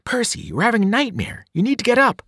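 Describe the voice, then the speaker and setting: A clever, serious teenage girl, as a man reading a storybook puts her on, earnest and grim. The pitch moves animatedly, and the sound is dry and close. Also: huge pitch swings, quick pace, pushed and bright, dry recording, full character voice. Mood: urgent.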